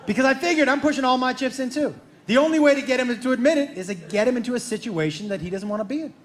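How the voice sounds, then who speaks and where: High-voiced middle-aged male comic. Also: racing. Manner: animated, building tension, addresses crowd. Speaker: stand-up comedian. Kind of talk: stand-up storytelling. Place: comedy club stage. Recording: echoey club with crowd noise. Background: crowd laughter.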